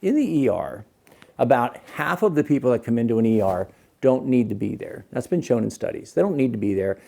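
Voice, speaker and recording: A man's voice: mid-range voice, sing-song, fairly quick, creaky, dark tone. A middle-aged man, a physician hosting his show, talking casually and putting questions to the viewer. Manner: conversational, asks the viewer questions. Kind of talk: casual on-camera talk.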